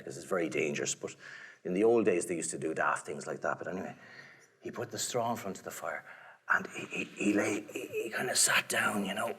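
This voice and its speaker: A man with an Irish accent telling a folk tale to a live audience in a playful, theatrical way, dropping to whispers and rising to shouts. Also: deep voice, husky. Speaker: storyteller. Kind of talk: animated storytelling to a live audience.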